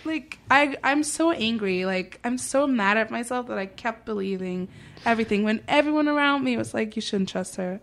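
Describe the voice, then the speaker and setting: A woman's voice: a little high, animated, normal speed. Chatty young woman telling a story. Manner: tells stories through quoted dialogue, says "like" often. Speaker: guest. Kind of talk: casual chat.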